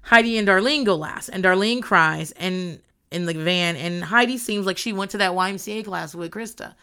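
A woman's voice: on the low side, moderate pace, pushed and bright, clear, resonant tone. A woman in casual chat, recapping a reality show in a blunt, rambling way and swearing often.

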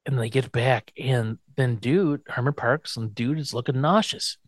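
A man's voice: mid-range voice, unhurried, dry recording. A man co-hosting a podcast, casually retelling a TV episode and acting out the characters' lines. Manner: animated storyteller, acts out quotes. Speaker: podcast co-host.

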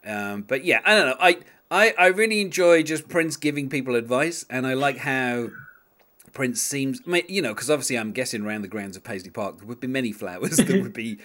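A man's voice: medium pitch, a little fast, fairly bright tone. A young man chatting casually about song lyrics as a podcast co-host, rambling with many fillers and restarts.

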